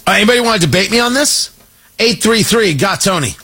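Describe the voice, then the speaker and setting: A man hosting a talk radio show, giving an emphatic, mocking political commentary monologue with drawn-out stresses. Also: high voice, lively intonation, sharp tone, husky.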